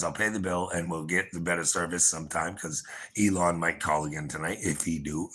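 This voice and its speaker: Deep-voiced man ranting, profane and boastful. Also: sharp tone. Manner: profane, boastful, rambling, chuckling; talks straight to viewers. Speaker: livestream host. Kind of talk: rambling livestream rant.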